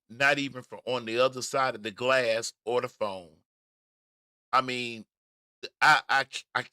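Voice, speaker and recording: Man, host, casual commentary, bright forceful tone, dry close sound, stammering restarts. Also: medium pitch, clear, resonant tone, no room sound. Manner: animated, stammers and restarts, emphatic.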